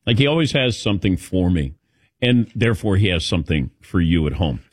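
A man hosting a sports talk show, asking questions with animated, halting delivery and repeated words. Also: deep voice, no echo, studio quality. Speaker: sports radio host.

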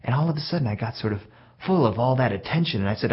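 A male storyteller telling a story from his own childhood in a plain, reflective way with gentle self-mockery. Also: medium pitch, lively intonation, racing, husky. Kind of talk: told personal story. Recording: dull lo-fi recording.

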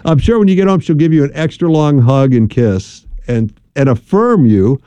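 Man, middle-aged, radio host, very mellow dark voice, dry studio sound, chatty and emphatic. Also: a little high, animated, normal speed, clear, resonant tone, no room sound. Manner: chatty, emphatic, repeats words for stress. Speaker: radio host and marriage counselor. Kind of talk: casual radio talk with advice. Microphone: studio microphone.

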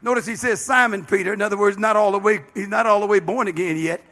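A man's voice: high-pitched, fast talker, a bit bright. A man, a bishop, preaching a sermon with passion, dropping frequent amens and calling out to the congregation. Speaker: bishop and pastor.

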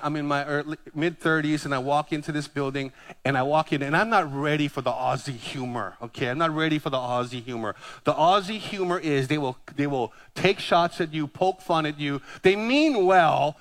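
With a fairly high voice at normal speed, this Hawaiian pastor in his fifties fills his sermon with personal anecdotes. He tells them animatedly, poking fun at himself.

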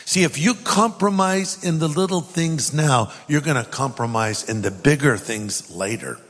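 A man, a pastor, preaching a sermon and reading scripture aloud with emphatic pauses. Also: fairly high pitch, animated, a bit bright. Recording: long hall reverb.

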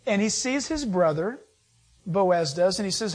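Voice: mid-range voice, lively intonation, a little slow, darkish tone. A preacher giving a sermon, retelling a Bible story in a casual, conversational way with everyday fillers.

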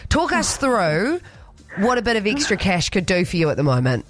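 Lively upbeat female radio host. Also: medium pitch, moderate pace. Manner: upbeat, soothing with callers. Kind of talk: radio show chat.

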